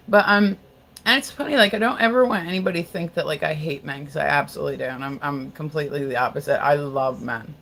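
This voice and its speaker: Blunt, rambling American woman streamer. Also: lowish voice. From United States. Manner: rambling, blunt, swears, repeats herself. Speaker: livestream host. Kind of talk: casual live-stream chat.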